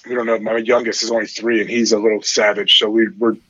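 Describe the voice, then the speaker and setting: A man in his forties chatting casually as an interview guest, rambling with many fillers and getting animated when he quotes his kids. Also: fairly low pitch, fast, breathy edge, no room sound, muffled recording. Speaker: podcast guest, former football player.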